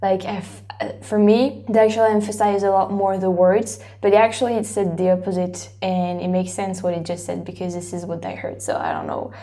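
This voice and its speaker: A French woman with a mid-range, dark-toned voice speaks a little fast, hosting a YouTube reaction video in English. She's a native French speaker with a French accent, chatting casually and rambling with plenty of fillers and restarts.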